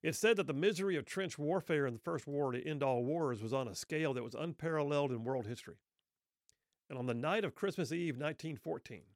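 A middle-aged man telling a story earnestly, with rhetorical questions and pauses. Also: mid-range voice, dry recording, studio quality. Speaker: speaker telling a Christmas story. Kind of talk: reflective spoken storytelling.

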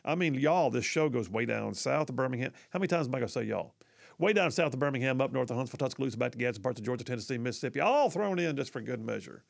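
A man's voice: medium pitch, animated, racing, gravelly. A man hosting a conservative talk radio show, folksy and emphatic, with sarcastic asides.

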